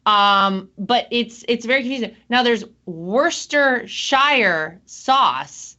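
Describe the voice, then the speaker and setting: A woman's voice: fairly high pitch, expressive, slow pace, bright, forceful tone, dull audio. A woman hosting a casual chat show, talking in an upbeat, chatty way. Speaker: host.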